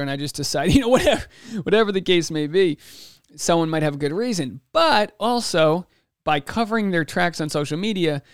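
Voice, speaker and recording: A man's voice: fairly high pitch, clear, resonant tone, dry recording, clean studio sound. A young man hosting a solo podcast, talking in a chatty, rambling way with many fillers and restarts. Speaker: podcast host.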